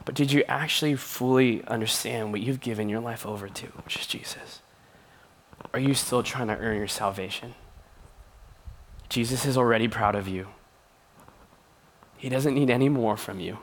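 A young man giving a sermon as a youth pastor, earnest and conversational, with playful asides. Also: fairly low pitch.

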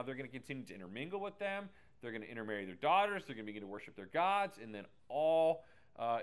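A man teaching a lively Bible lesson who keeps checking in with the class and retells scripture in casual slang. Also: mid-range voice. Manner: chatty, keeps asking "right?", paraphrases scripture in slang.

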